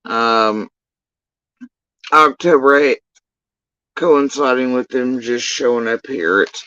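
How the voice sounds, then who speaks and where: A man's voice: medium pitch, slow pace, sharp tone, smooth, no room sound, muffled recording. A man telling a long story in a casual commentary rant, profane, rambling and exasperated.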